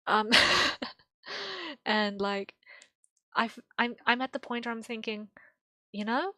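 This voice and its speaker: A woman's voice: mid-range voice, a bit bright, no room sound. A young woman streaming while she draws, rambling casually with lots of fillers and small laughs. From English-speaking. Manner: rambling, thinking aloud with many fillers and laughs.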